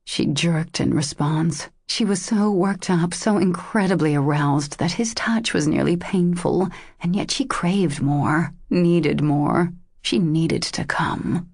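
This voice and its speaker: Brief: woman audiobook narrator, low gravelly voice, intimate romance reading. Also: slow pace, a little mellow, no echo, clean studio sound.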